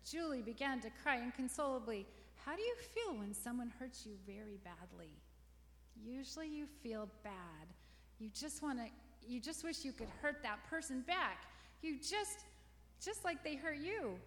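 Woman with a high voice reading a story to kids, soft and questioning, lots of room echo. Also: very animated, unhurried. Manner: gentle, asks the listener questions. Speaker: storyteller for children. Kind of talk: reading a children's story with moral asides. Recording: long reverberant room echo.

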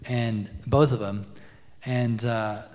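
A mid-pitched man tells a testimony at a church meeting, rambling and acting out bits of dialogue. His voice carries the long reverb of a church hall. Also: fairly even intonation, takes it slowly, darkish tone. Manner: rambling, with many "you know"s and quoted dialogue. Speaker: congregation member. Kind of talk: telling a testimony.

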